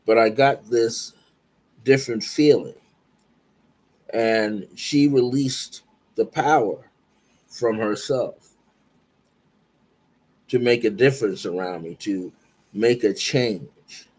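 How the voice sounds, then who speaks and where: A man speaking as a guest, calmly and earnestly recounting a spiritual dream. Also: lowish voice, husky. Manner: slow, reflective, earnest. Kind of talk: spiritual storytelling.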